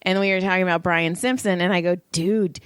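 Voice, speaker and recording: A middle-aged woman co-hosts a podcast in a lowish, brisk voice with a clean tone, recorded dry at studio quality. She's casually chatting and telling stories full of swearing, animatedly acting out the people she quotes in put-on voices.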